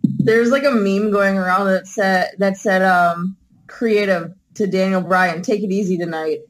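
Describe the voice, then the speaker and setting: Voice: medium pitch, steady tone, unhurried, rough recording. A co-host in a casual chat, laid-back, mostly adding short remarks. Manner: laid-back, brief interjections. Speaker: podcast co-host.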